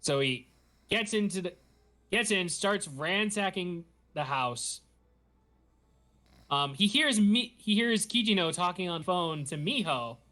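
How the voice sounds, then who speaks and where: A man hosting a podcast, recapping a show in animated, giggly casual chat. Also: high voice, slow. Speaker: podcast host.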